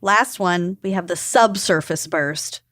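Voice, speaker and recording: A woman's voice: on the low side, a little slow, fairly bright tone, no room sound. Woman podcast cohost reading her notes, jokey, says like a lot, dead dry sound. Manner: loose and joking, lots of "like" fillers. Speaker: podcast co-host. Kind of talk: casual chat, explaining research notes.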